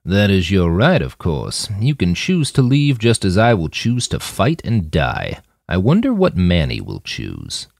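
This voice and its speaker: Guy doing a stern old one-eyed soldier, low and measured, dry mic. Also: huge pitch swings, gravelly, no echo, full character voice. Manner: measured, barely controlled anger.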